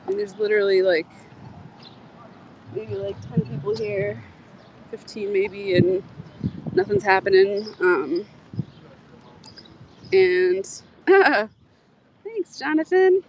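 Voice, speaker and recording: A woman's voice: mid-range voice, very animated, slow pace, gravelly, pauses often, a little mellow, low-quality recording. A woman chatting casually on a livestream outdoors, rambling, laughing and swearing as she talks. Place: outdoors in a community garden. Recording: faint outdoor noise.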